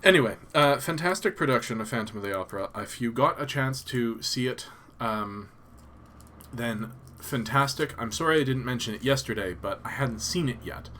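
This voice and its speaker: A man from Canada talks loosely to his live-stream viewers, voice sitting at an ordinary middle pitch. He wanders from thought to thought, often stopping to hesitate or restart a sentence. Faint noise hums behind him. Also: animated, moderate pace, pushed and bright. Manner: rambling, hesitant, lots of ums and restarts. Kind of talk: casual live-stream chat.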